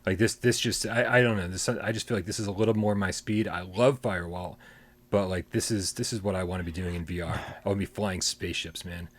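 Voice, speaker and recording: Man, low-pitched, excitable, swears a lot, casual livestream chat. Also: fairly quick. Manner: excitable, swears, laughs often. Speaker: podcast co-host reading tips.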